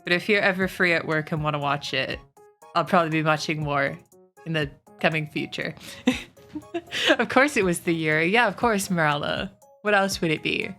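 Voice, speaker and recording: Woman streamer, casual chatty ranter, bright tone, faint music behind. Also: low voice, normal speed. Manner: chatty, swearing, animated rants. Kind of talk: casual stream chat, reading chat.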